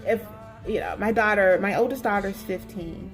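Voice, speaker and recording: A woman in her forties telling a story in a casual vlog with emphatic, expressive delivery. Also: medium pitch, normal speed, soft background music. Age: 40s. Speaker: vlogger.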